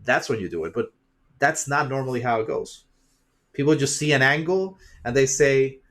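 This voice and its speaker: A man talking straight to his viewers in a casual vlog, circling back over the same points and pressing them hard. He rambles, repeats himself and swears freely, with a voice of ordinary pitch for a man. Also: moderate pace, fairly bright tone. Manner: rambling, repetitive, emphatic lecturing. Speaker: YouTuber and streamer.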